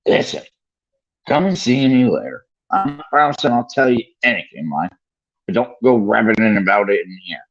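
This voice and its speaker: A man voicing a huge, gruff gamekeeper in a storybook reading, in a near-normal voice. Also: lowish voice, big pitch swings, normal speed, muffled recording. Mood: hushing. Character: huge gruff male gamekeeper, secretive and warm.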